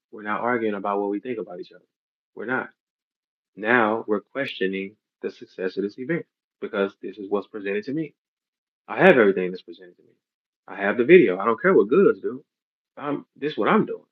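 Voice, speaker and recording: A man's voice: lowish voice, brisk. Blunt, profane man with dull audio. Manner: blunt, profane, street slang. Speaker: battle rap league owner. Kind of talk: heated podcast rant.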